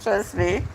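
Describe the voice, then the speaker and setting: A woman's voice: on the high side, creaky, a little mellow, slight background noise. A woman hosting a live stream, chatting casually and answering her viewers' comments one by one.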